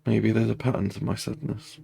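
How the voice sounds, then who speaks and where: A man leading a guided tapping meditation, speaking slow, repetitive first-person affirmations. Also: fairly low pitch, steady tone, creaky, warm tone, breathy edge, no echo.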